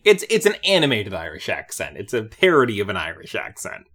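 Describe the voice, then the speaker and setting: Woman co-host, low voice with big swings, casual animated review chat. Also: a little fast, husky. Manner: animated, laughs often, jumps high when excited. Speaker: podcast co-host.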